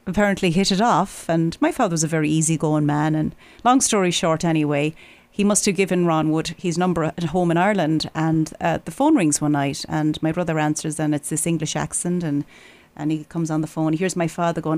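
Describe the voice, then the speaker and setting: Lively storytelling woman guest. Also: deep voice, a little fast. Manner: lively anecdotal, animated quotes. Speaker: singer, guest. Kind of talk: casual interview storytelling.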